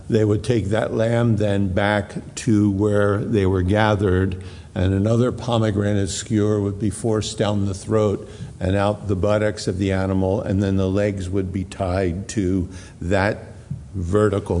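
A man preaching a sermon in a church, slow and deliberate, repeating phrases for emphasis. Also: low-pitched, creaky, warm tone, slight background noise. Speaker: pastor. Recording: long hall reverb.

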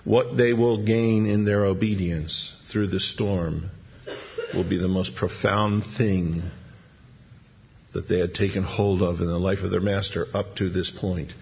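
A man's voice: low voice, fairly even intonation, measured pace, gravelly, breathy edge, muffled recording. A man preaching a sermon, dramatically retelling a scene and acting out its people in voices.

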